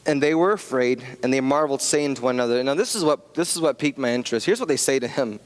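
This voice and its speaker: A man's voice: mid-range voice, fast talker. A man in his thirties preaching a casual sermon, joking about his family and rambling into asides. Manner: chatty and self-deprecating, many restarts and asides. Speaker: pastor. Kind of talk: conversational sermon with personal stories. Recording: long reverb of a church hall.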